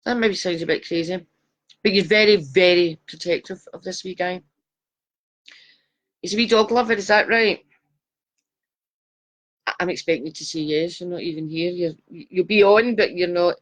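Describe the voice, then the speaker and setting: A woman's voice: fairly low pitch, normal speed, long pauses. A woman giving live psychic readings, chatty and affectionate, calling viewers darling. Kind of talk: live-stream chat reading viewers' photos.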